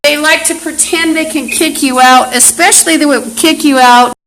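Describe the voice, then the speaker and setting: A woman's voice: sits high, steady tone, normal speed, a bit bright, rough recording. A woman talking into a phone on a live stream at home, in an agitated, rambling monologue full of restarts. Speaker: livestreamer. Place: apartment indoors. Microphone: phone camera app. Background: fan and running water.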